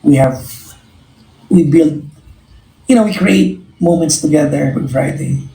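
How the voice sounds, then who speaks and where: A man's voice: a little high, a little slow, warm tone. Earnest Filipino man, roomy echo. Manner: earnest, reflective, often repeats and restarts phrases. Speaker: live-stream host. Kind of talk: casual live-stream chat to viewers.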